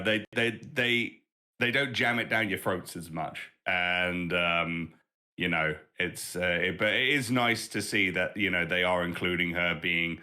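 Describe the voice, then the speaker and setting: A man's voice: lowish voice, pushed and bright. A British man in his thirties co-hosting a podcast, chatting casually, swearing freely and laughing often. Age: 30s. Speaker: podcast co-host. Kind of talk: casual chat.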